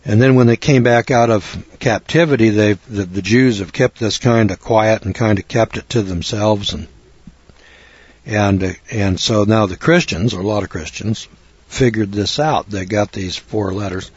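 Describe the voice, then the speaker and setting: Rambling older man, husky voice. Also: lowish voice, moderate pace, dry recording, lo-fi sound. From western United States. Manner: rambling, folksy, spells words out letter by letter. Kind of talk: casual religious talk, answering a question.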